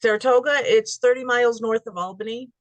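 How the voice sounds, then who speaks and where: A woman's voice: fairly high pitch, steady tone, a little fast, no room sound. An easygoing woman from upstate New York chats on a video call. She has a wry edge, and her voice sounds close and dry. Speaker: guest on a video-call training.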